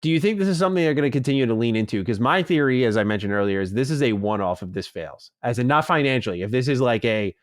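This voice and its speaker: Male podcast co-host, mid pitch, animated and casual, dry close mic. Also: fast talker, few pauses, no echo. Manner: animated, swears, reads listener mail.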